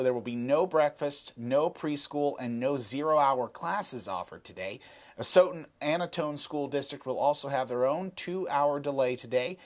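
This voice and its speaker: A man anchoring morning TV news, reading school closures and health updates in a steady, measured way. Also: mid-range voice.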